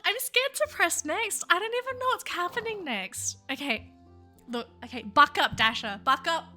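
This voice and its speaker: A woman hosting a game video, talking excitably and gushing to her viewers. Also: sits high. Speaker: VTuber game video host.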